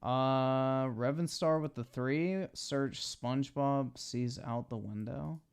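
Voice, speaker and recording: A man's voice: mid-range voice, takes it slowly, smooth. A young man giving blunt, profane live-stream commentary while he watches videos.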